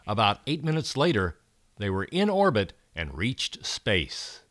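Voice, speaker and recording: A man reading a children's story aloud, expressive and rising for the exciting moments. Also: on the low side, unhurried, no room sound.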